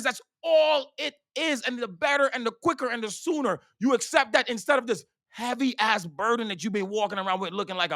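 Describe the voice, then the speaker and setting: A man doing a stand-up routine, rambling and swearing, repeating himself, swinging between loud bursts and hushed asides. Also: sits high, no room sound, clean studio sound. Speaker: stand-up comedian.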